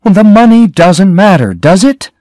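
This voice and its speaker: A man's voice: medium pitch, sing-song, a little slow, darkish tone, no echo, clean studio sound, pitched above the performer's own voice. A man reading the lines of an anxious young woman searching for her missing sister, in a pleading, strained tone. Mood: worried, pleading.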